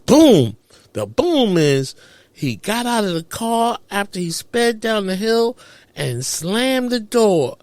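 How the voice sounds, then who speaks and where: A man hosting a podcast, telling a personal story in a dramatic, animated way. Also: takes it slowly, dry recording. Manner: dramatic, animated retelling with big pitch jumps. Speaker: podcast host. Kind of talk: storytelling monologue.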